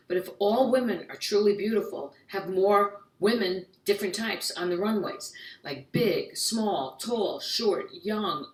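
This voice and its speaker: An American woman doing a stand-up comedy monologue, quick and jokey, slipping into little voiced asides. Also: fairly low pitch, echoey room, distant mic, poor audio. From United States.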